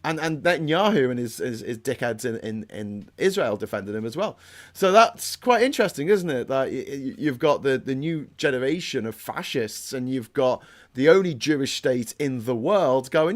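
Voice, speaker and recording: A man from Britain hosts a casual livestream and talks politics in a heated, rambling way, often stopping and restarting. He reads viewer comments aloud between his points. His voice sits at a middle pitch. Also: expressive, moderate pace. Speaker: host.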